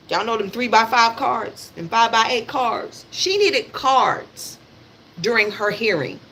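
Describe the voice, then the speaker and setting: Brief: woman livestream host, high and bright, blunt and emphatic political rant, repeats herself, swears, speaks straight to viewers. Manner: addresses her audience directly. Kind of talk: live political commentary rant.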